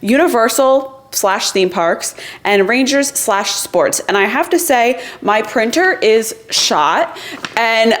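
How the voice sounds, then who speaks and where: A woman hosting a casual vlog. She talks in a bubbly, rambling way with fillers, tired after a long trip. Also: fairly high pitch. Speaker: vlog host. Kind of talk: casual chat to camera.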